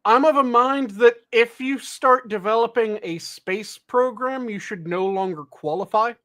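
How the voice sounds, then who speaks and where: Mid-pitched co-host, wry jokes, rambling asides. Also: unhurried, a bit bright. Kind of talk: casual podcast chat.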